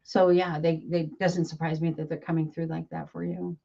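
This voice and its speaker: A woman speaking as a psychic medium in a relaxed live chat, calm and measured as she explains things. Her voice sits somewhat low for a woman. The audio is a little dull and lo-fi. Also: gravelly. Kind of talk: casual conversation on a live broadcast.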